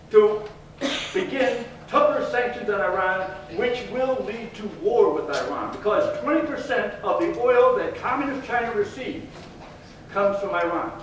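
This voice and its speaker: A man's voice: very high voice, a bit bright, a little hiss or hum. A man in his sixties giving a fiery, emphatic campaign speech as a congressional candidate at a public forum. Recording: echoey hall from far off.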